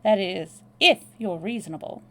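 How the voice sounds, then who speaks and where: Storybook tough guy: woman reading a cool, drawling American man with a gravelly edge. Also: medium pitch, moderate pace, bright, forceful tone. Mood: menacing. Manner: drawling, dry and threatening. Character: brash, blunt young American man, cool under pressure. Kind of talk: read-aloud novel dialogue.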